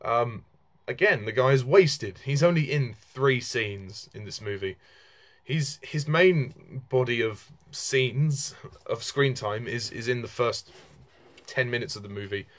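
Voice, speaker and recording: A man's voice: medium pitch, unhurried, a bit bright. Young man giving a rambling film review. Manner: rambling, frank, many fillers and restarts, occasional laughs. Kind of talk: casual spoken film review.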